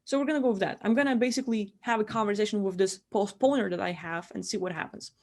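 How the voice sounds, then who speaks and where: A woman's voice: mid-range voice, fast talker, a little mellow. A woman giving casual guided spiritual instruction from her room, rambling and filling her talk with "like". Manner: rambling, heavy use of "like". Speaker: spiritual teacher.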